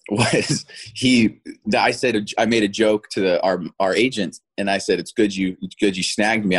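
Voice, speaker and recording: A man in his thirties talks as a guest in a relaxed interview. His voice sits somewhat low, and he laughs easily as he tells his stories, often restarting his sentences as he goes. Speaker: actor guest. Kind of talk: casual interview chat.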